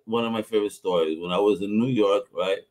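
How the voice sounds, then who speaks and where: A male podcast host who chats in a relaxed, slangy way and swears freely. He launches into anecdotes in a familiar, unpolished tone, like talking to an old friend. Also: on the low side, fast talker. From Puerto Rico. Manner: loose and profane, slangy storyteller. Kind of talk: casual chat.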